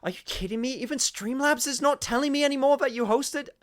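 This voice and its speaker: A man's voice: extremely high pitch, fast. A man casually commenting on a game he is playing, chatting to viewers and swearing now and then. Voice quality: chatty, swears, talks to chat. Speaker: streamer. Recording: faint game music behind.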